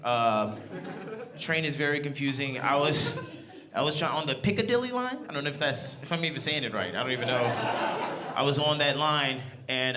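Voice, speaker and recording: A man in his thirties from New York doing a stand-up comedy set in a club, telling stories in loose slang with laughing asides. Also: medium pitch. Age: 30s. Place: comedy club with live audience. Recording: loud crowd in a club.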